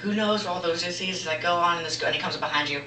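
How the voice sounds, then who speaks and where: A teenage boy who makes comedy vlogs does a rambling, jokey stand-up monologue, breaking into loud impressions. His voice is fairly high and fast, and the very noisy recording has a roomy echo from a distant camera mic.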